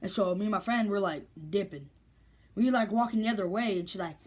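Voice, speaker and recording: Husky woman rambling through a story. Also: medium pitch, a little fast, darkish tone. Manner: rambling, many fillers and restarts, slangy. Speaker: vlogger. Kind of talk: casual storytelling.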